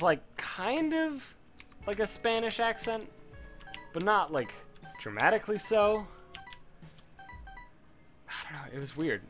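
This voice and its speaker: A young man with a Chicago accent hosts a let's play, rambling through casual gameplay commentary full of swearing and frequent fillers. His voice sits fairly high and has a fairly bright tone.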